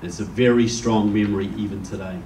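A man's voice: fairly low pitch, steady tone, brisk, mellow, slight background noise. A man from New Zealand with a New Zealand accent giving a public speech to a live audience, telling stories and jokes in a conversational way. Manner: conversational storyteller, jokes with the crowd. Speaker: guest speaker. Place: meeting room with an audience. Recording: echoey room, distant mic.

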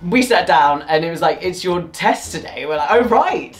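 A woman voicing a cocky young male wizard in an improvised comedy role-play, teasing in quick banter. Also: lowish voice, animated, lightly acted. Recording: echoey room with faint music.

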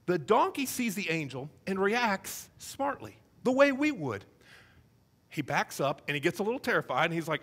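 A male pastor preaching a sermon, telling the story with animated, comic acted-out voices. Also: sits high, moderate pace, slightly rough.

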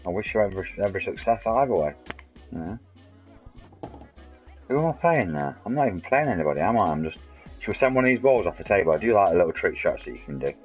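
This is a man in his forties with a very deep, low voice. He chats to his stream's viewers in a loose, rambling, matey way while he plays. Soft music sits faintly behind him. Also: sing-song, fast talker, long pauses, lo-fi sound. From England. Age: 40s. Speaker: game streamer. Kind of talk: casual live-stream chat.

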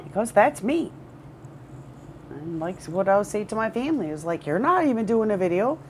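A woman's voice: medium pitch, sing-song, normal speed, darkish tone, slight background noise. A woman recording a candid personal vlog at home, rambling, repeating words and swearing. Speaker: vlogger. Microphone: headphones with camera.

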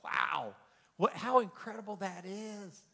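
A man pastor teaching a Bible study in an animated, joking way, with frequent exclamations and repeated words. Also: sits high, slow pace, vocal fry, slightly rough. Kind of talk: lively sermon-style teaching. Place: church hall.

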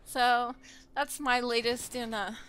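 Bright, soft-spoken young woman gamer. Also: on the high side, fairly even intonation, takes it slowly, a little hiss or hum, rough recording. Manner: soft-spoken, hesitant, many ums and giggles. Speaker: gameplay commentator. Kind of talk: casual gameplay commentary. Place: at home with her children nearby.

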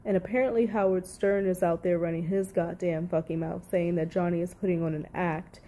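A woman's voice: fairly low pitch, fairly even intonation, brisk, warm tone. A woman giving heated reaction commentary on audio clips, blunt, profane and exasperated.

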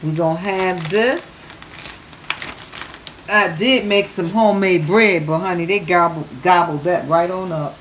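Here the cooking vlogger's voice sits lowish and moves a little slowly. Amid the noise of her home kitchen, she chats through her demo, lingering on "oh yeah" and calling everyone babies.

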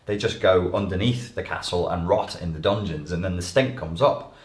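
A man giving an animated, emphatic lecture to an audience as a life coach. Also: low-pitched, normal speed. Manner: animated, emphatic, acts out quoted voices. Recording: echoey room.

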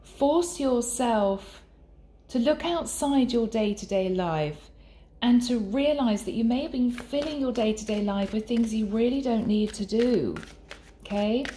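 A woman giving a channeled tarot reading in an earnest, soft and sometimes emotional way. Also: fairly high pitch, a little slow, a little hiss or hum. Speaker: tarot reader. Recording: echoey room with faint ambience.

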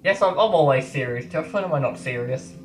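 A gamer chatting and joking with friends during an online multiplayer game, mixing mock-polite banter with loud exclamations. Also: medium pitch, quick pace, reverberant, recorded from a distance, faint music behind, poor audio. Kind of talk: casual gaming chat.

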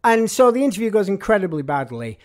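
A man's voice: high-pitched, sing-song, fast, a little mellow. A man, a music journalist telling anecdotes in an interview, with a dry, wry humour.

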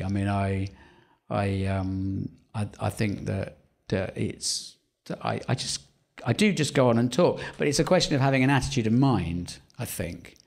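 Man, 50s, English home counties accent, comedian, fairly low voice, wry, rambling, self-interrupting, live interview. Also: vocal fry. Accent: English, Surrey home counties. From England. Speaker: stand-up comedian, guest. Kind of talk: live podcast interview, anecdotal storytelling. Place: theatre stage before a live audience.

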